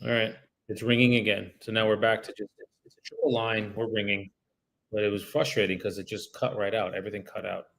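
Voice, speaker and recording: A real estate broker with a fairly low, slightly bright voice, vocal fry, and little pitch variation talks a little fast. On his cold-calling livestream he's casual and swears when frustrated between calls, then shifts to a polite, formal tone on the phone.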